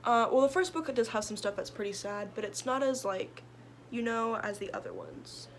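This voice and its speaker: A young woman with a slightly high voice talks through her reading list in a chatty, rambling way. She piles on fillers and restarts as she goes. A faint hiss of background noise sits under her voice. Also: big pitch swings, normal speed. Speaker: book vlogger. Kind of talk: casual chat.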